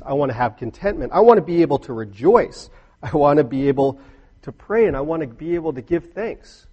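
Husky-voiced man preaching a sermon. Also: a little high, a little mellow, muffled recording. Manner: earnest, rising to emphatic bursts, storytelling asides.

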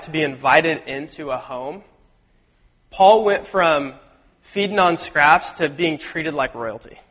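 A man preaching a sermon in a casual, animated way, acting out the lines he quotes. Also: a little high. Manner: conversational, animated, acts out quotes. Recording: long hall reverb.

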